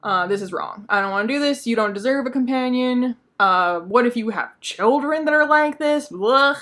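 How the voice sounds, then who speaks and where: A woman's voice: a little high, normal speed, a bit bright, pitched above the performer's own voice, close to an everyday voice. A woman casually voicing a reluctant, guilt-ridden young male scientist while retelling a story. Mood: defiant. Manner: retold casually, exasperated.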